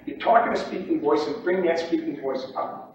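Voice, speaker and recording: Brief: male trading instructor, emphatic and repetitive, slightly higher voice, distant mic in a very echoey room. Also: normal speed, lo-fi sound, background noise. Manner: emphatic and repetitive, checks in with "okay?". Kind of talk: seminar lecture.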